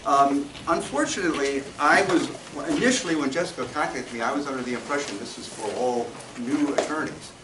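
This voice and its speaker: A man in his seventies giving a talk to an audience as a guest speaker, halting and often restarting his sentences. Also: mid-range voice. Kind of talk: lecture to an audience. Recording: distant, echoey, with room noise.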